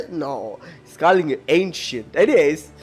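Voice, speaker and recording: Young guy streamer, high voice that jumps all over, teasing chat. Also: a little slow, breathy edge, soft background music. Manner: animated, teasing, laughing. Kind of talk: casual gaming stream chat.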